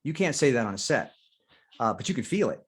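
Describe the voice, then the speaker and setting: An older man talks with animated candor as an interview guest, slipping into little acted-out inner voices. He swears freely and keeps an even middle pitch. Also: quick pace, breathy edge. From United States. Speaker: guest actor. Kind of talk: candid interview talk.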